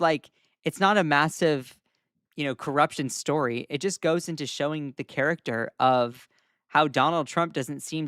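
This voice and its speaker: A young man hosting casual live-stream news commentary, chatty and animated as he reacts to viewer comments. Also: a little high, dry recording, clean studio sound.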